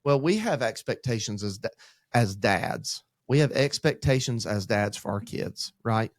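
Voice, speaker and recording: A man's voice: mid-range voice, a little slow, no room sound, studio quality. A man, co-hosting a church podcast as a pastor in training, telling stories about his kids in a casual, rambling way. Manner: rambling, animated storytelling with acted-out quotes. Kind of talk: casual faith discussion.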